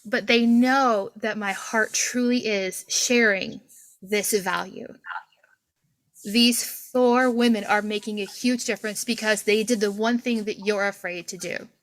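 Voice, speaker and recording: A woman in her forties, a podcast host, telling a lively story over a video call and acting out the voices of the people in it. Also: mid-range voice, a little slow, poor audio. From Kentucky, USA. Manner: animated storyteller, acts out quoted voices, laughs often.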